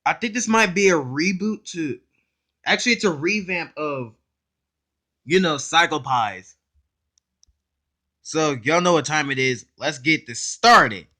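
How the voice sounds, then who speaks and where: A man hosting a casual reaction video, excitable and blunt, talking in slang straight to his viewers and cutting in often to comment. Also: fairly high pitch, measured pace, pauses often. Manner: excitable, blunt and profane, keeps interrupting with "hold up".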